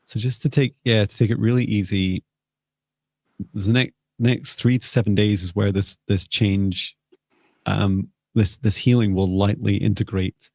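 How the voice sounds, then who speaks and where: Gravelly low-voiced man, slow and soothing. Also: steady tone, no room sound, clean studio sound. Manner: soft, hesitant, with many pauses and restarts. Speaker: psychic healer hosting a live reading. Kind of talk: slow, gentle guided healing talk.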